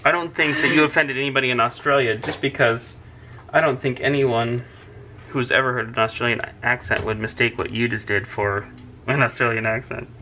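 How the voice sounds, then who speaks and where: Bright-voiced man teaching drawing. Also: medium pitch, fairly even intonation, brisk, slight background noise. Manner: chatty, teasing, narrates each stroke. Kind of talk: casual drawing tutorial.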